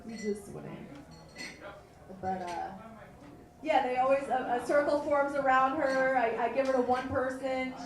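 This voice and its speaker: A woman host doing a live standup comedy set, telling animated self-deprecating jokes in a bar. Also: high voice, moderate pace, soft background music. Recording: roomy bar, mic picked up from a distance, crowd noise.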